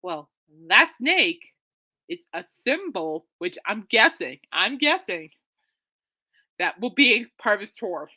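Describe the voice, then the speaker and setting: An excitable woman rambles through her podcast in casual chat, correcting herself as she goes. Her voice is bright and sharp, with a mid pitch. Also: slow. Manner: chatty, excitable, self-correcting. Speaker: podcast host.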